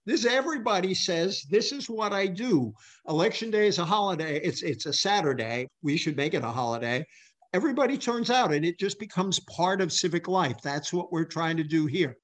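A man's voice: fairly high pitch, animated, fairly quick, a bit bright. A man as a radio interview guest, talking earnestly and correcting himself as he goes. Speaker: guest author.

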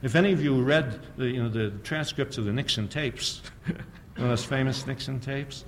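A man's voice: mid-range voice, normal speed, slight background noise. An older man giving a public lecture, telling a story with sardonic humor and rhetorical questions to the audience.

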